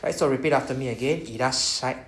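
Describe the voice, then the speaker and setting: A woman with a Singaporean accent, teaching Japanese pronunciation in a classroom, patient and slow when repeating words. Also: extremely low pitch. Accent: Singaporean English. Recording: echoey classroom with faint noise.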